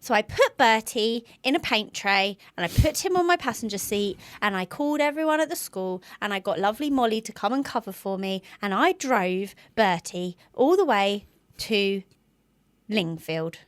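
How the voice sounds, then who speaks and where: A woman, co-hosting a podcast and telling an animated story in casual chat. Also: medium pitch, normal speed, no echo. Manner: animated storytelling with acted-out quotes. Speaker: podcast co-host.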